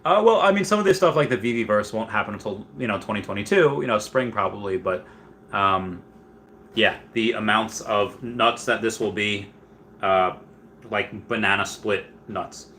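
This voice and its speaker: A man hosts a relaxed livestream in a slightly low but bright, forward voice. He rambles on, reads viewer comments aloud and swings into loud, excited bursts. Faint room ambience sits behind him. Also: moderate pace, slight background noise. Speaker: livestream host. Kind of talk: casual livestream chat.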